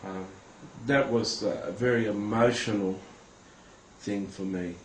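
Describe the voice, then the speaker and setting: A man telling a personal religious testimony to camera, earnest and halting, with many hesitations, speaking directly to viewers. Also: on the low side, steady tone, slight background noise. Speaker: Christian recounting a vision. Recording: roomy with faint ambience.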